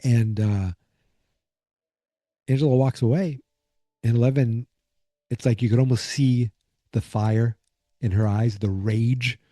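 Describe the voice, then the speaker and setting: A man's voice: medium pitch, fairly even intonation, a little slow, long pauses, warm tone, no room sound, clean studio sound. A man hosting a podcast, recapping an episode in a rambling, casual way with many fillers while sleepy and fighting off yawns. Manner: rambling, lots of fillers and asides. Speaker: podcast host.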